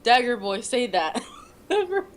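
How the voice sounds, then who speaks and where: A woman's voice: fairly high pitch, very animated, unhurried. A woman joining a casual movie chat, giggly and teasing.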